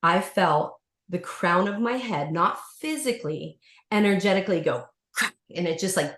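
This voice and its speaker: A woman with a lowish voice tells a personal story in a casual podcast chat, animated and full of fillers, jumping into the voices of the people in it. Her voice carries a roomy echo. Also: moderate pace. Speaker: yoga teacher and podcast guest.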